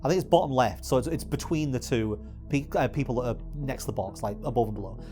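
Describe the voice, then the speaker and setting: A man's voice: mid-range voice, fast, mellow, faint music behind. A man giving exasperated, swearing video essay commentary as a YouTuber.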